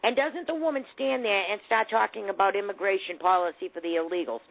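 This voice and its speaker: A woman's voice: medium pitch, fast, gravelly. A woman hosting a talk radio show, giving indignant, sarcastic commentary. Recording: tinny phone-like audio.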